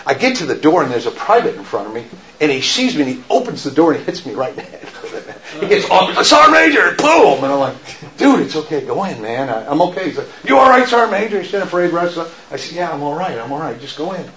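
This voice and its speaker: A middle-aged man telling stories to an audience, laughing often and shouting when he acts out quotes. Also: a little high, animated, fast talker, crowd noise. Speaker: speaker giving a faith talk. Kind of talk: storytelling talk to an audience. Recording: roomy, dull lo-fi sound.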